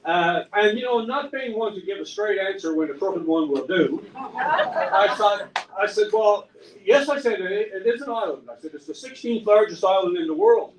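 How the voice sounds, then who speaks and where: High-voiced man from Newfoundland, wry storyteller. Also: lively intonation, normal speed. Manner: rambling, wry, self-mocking humor with many restarts. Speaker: singer-songwriter and storyteller. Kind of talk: live storytelling at a pub event. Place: pub room. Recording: echoey room, distant mic, faint noise.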